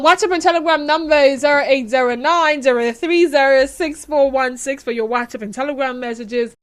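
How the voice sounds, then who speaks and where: Nigerian lady on a radio talk show, pretty high voice, chatty and animated, studio mic. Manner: chatty and expressive, acts out scenes and laughs at herself. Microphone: studio microphone.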